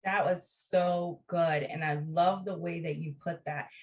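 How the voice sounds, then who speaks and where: A woman hosts a podcast in a relaxed conversational way. She is chatty and laughs easily. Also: on the low side, measured pace. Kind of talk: casual conversation.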